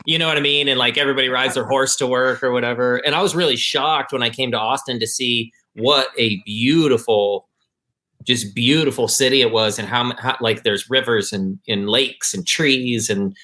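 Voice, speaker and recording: A man from Michigan, a musician guest on a video call, telling stories in a rambling, relaxed way full of fillers. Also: medium pitch, normal speed. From Michigan, USA. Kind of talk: casual interview chat.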